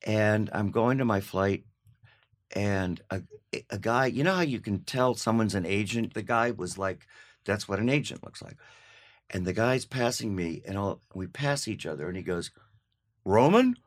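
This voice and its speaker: An older man, a guest actor, telling candid anecdotes in an interview, animated and laughing, slipping into voiced quotes. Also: lowish voice, moderate pace.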